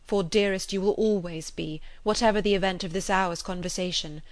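Figure: a woman reading as an earnest gentleman suitor. Sex: woman. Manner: measured, tender. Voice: lowish, dry. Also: steady tone, no room sound, close to an everyday voice.

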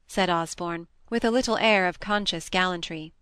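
A woman's voice: fairly low pitch, moderate pace, few pauses, a bit bright, clean tone, no echo. Woman reading a novel, dry sound. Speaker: audiobook reader. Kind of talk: scripted narration.

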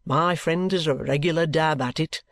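A man voicing a genial, ingratiating middle-aged male detective who talks in a slow, coaxing, colloquial way. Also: a little high, vocal fry, fairly bright tone, dry recording.

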